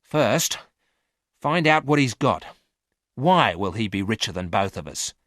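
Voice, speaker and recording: A man voicing a greedy female space thief, speaking in sharp, excited outbursts. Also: lowish voice, measured pace, no echo, studio quality. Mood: urgent.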